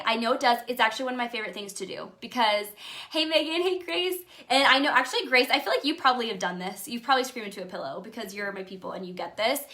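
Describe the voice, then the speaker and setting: Bright-voiced chatty woman coach. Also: on the high side. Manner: chatty and emphatic, with many fillers. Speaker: life coach. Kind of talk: casual motivational talk.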